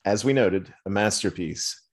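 A man's voice: lowish voice, normal speed, husky. A man co-hosting a film podcast, talking emphatically and teasing his co-host. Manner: animated, emphatic, playful teasing. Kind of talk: casual film podcast chat.

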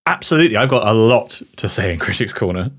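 A man's voice: lowish voice, quick pace, husky. A young man from England co-hosting a casual podcast chat, laughing often and joking. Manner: animated, laughs often, jokey. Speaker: podcast co-host.

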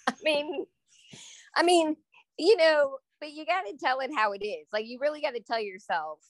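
A woman's voice: high-pitched, lively intonation, moderate pace, no room sound. A woman speaking as a guest with her brother, chatty and blunt, laughing often. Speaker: guest, host's sister. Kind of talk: casual chat.

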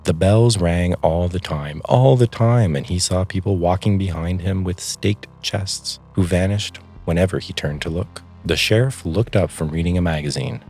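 A man's voice: low-pitched, darkish tone. A man narrating a spooky story aloud, lending different voices to the characters in the dialogue.

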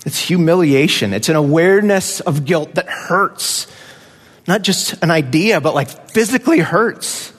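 A man's voice: a little high, animated, a little slow, long reverb tail. A man preaching a conversational sermon as pastor, now and then acting out voices of children.

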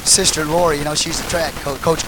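A pastor preaches a sermon, alternating between shouted call-and-response lines and quiet, low asides to the congregation. His delivery is flat and fairly quick, over a noisy background.

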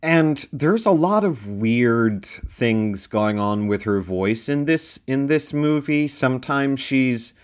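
A man casually reviewing a film out loud, rambling and wry, with many filler sounds between thoughts. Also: mid-range voice.

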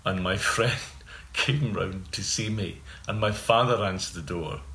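Man, low voice, storytelling. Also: sharp tone. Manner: storytelling, halting restarts. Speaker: writer guest. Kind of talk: casual chat. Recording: roomy with faint ambient noise.

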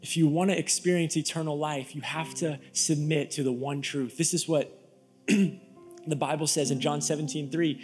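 A male pastor from Florida preaching an energetic, emphatic sermon to a live church audience, with storytelling asides. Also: on the high side, moderate pace, soft background music. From Florida, USA.

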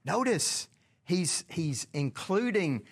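A man's voice: high-pitched, big pitch swings, slow pace, breathy edge. A man leading a casual Bible study, talking conversationally, asking the group questions and often restarting his sentences.

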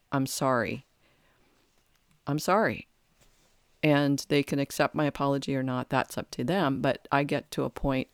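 A podcast host speaking in a reflective spiritual talk, the voice smooth and resonant. The delivery is thoughtful and halting, with phrases often restarted mid-thought. The sound is dry and close, with no room around it. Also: mid-range voice, no room sound.

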